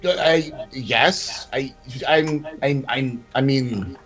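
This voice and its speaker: A man playing a tabletop game in character, talking haltingly with many restarts. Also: mid-range voice, a bit bright, muffled recording, faint music behind. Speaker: player.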